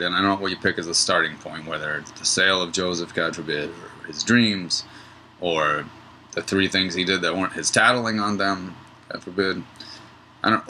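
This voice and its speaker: Bright-toned man teaching Torah. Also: sits low, slight background noise, poor audio. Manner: relaxed, digressive, tells a joke mid-lesson. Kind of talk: Torah study lesson.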